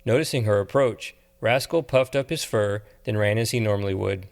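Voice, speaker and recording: Low-voiced male audiobook narrator. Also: moderate pace, creaky. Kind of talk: scripted narration.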